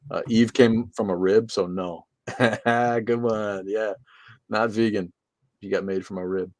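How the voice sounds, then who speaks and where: A man's voice: on the low side, fairly even intonation, a little slow, no room sound. A man co-hosting a casual livestream, reading out chat comments with loose, profane jokes.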